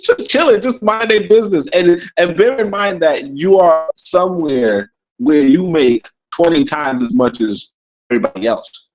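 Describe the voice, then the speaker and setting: A man's voice: fairly high pitch, moderate pace, darkish tone. Rambling Caribbean man on lo-fi audio. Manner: rambling, repeats words, chuckles often. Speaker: podcast co-host. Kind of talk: casual livestream talk. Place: abroad in Africa.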